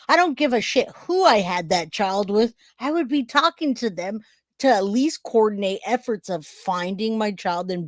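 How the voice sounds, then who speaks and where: A woman's voice: medium pitch, dry recording, studio quality. A woman giving emotional, blunt reaction commentary to her viewers, swearing casually as she talks. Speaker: online commentator.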